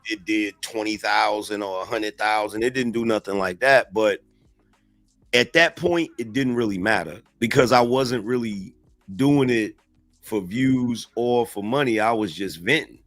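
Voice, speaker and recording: A man being interviewed, telling stories in an easygoing way full of street slang. His voice sits somewhat low. The recording is dry and close, with no room echo. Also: unhurried, faint music behind. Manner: relaxed, slangy street talk. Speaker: interview guest, online commentator. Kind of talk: casual storytelling in an interview.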